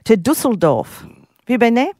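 A lively woman co-hosting a radio show, her voice swooping up and down as she teases her partner. She tells stories with relish and laughs easily. The sound is close and dry, with no room around it. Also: fairly high pitch, moderate pace, no room sound. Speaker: radio co-host. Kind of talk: casual banter.

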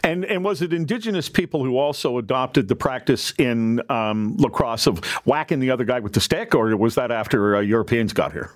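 A man's voice: mid-range voice, fairly quick, hardly any pauses, no room sound, studio quality. A man hosting a radio interview who makes joking asides as he introduces stories and questions his guest. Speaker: radio host.

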